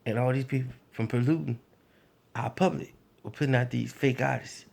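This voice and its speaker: A man doing an impression of a menacing record-label boss, who drawls low and barks fast when angry. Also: creaky.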